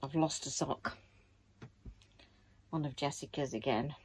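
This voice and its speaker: A woman's voice: a bass voice, measured pace, slight background noise. A middle-aged woman, chatting casually and wearily to camera in her bedroom. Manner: chatty, tired, rambling. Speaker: vlogger. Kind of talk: casual vlog chat.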